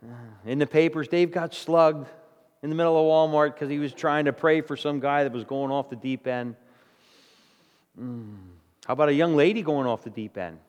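A man delivers a sermon in a casual, down-to-earth way, tossing in "all right?" to keep his congregation with him. His voice sits a little high for a man. The long reverb of a big church hall trails behind every word. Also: normal speed, a little mellow. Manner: conversational, plain-spoken, with frequent "okay?" and "all right?" check-ins. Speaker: pastor.

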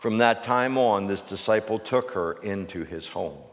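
A man with a fairly low voice preaches a sermon, reading scripture slowly and deliberately before pressing a string of urgent questions. The recording has a long reverb tail.

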